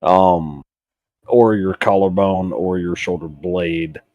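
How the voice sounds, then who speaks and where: A man's voice: low-pitched, fairly even intonation, takes it slowly, darkish tone, dry recording, highs cut off. A man chatting casually as a co-host, telling laid-back stories and swearing now and then. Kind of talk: casual chat.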